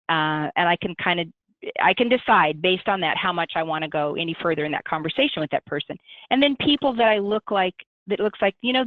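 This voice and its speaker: A middle-aged woman, a guest on a webinar, speaking gently and in a measured way with many pauses. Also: on the low side, no echo. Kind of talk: webinar conversation. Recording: tinny dry phone line.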